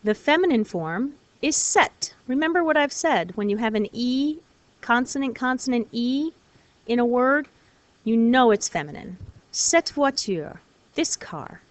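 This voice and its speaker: A woman teaching a recorded lesson, explaining clearly and patiently, step by step. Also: a little high, expressive, measured pace, no echo. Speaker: French teacher.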